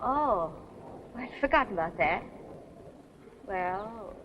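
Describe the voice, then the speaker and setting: An actress playing an excitable young woman who pleads and bargains in a 1930s comedy film. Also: medium pitch, slow pace. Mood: excited. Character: young woman, a con man's daughter, quick and excitable. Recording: dull 1930s film soundtrack, faint hiss.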